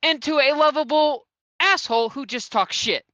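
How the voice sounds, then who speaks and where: A sarcastic man speaks bluntly on a podcast, swearing freely in a bright, sharp voice. The recording is dull and lo-fi, with a dry, close sound. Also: very high voice, normal speed, dry recording. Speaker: podcast co-host. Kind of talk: casual chat.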